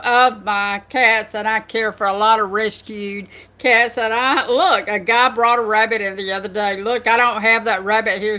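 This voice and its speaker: A woman's voice: mid-range voice, bright, forceful tone. An older woman with a Southern US accent, hosting her writing channel in a chatty, rambling live stream with lots of fillers. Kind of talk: casual live stream chat.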